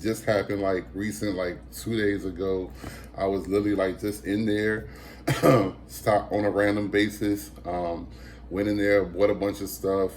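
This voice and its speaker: Lowish-voiced man telling a casual story. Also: a little hiss or hum. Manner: animated storyteller, acts out quoted voices, many fillers and restarts. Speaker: thrift reseller and vlogger.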